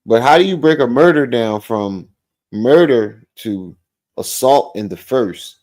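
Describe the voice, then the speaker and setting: A man hosting a livestream, reacting to a clip with animated, mocking commentary. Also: medium pitch, a little slow. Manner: animated, mocking, repeats phrases. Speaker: livestream host.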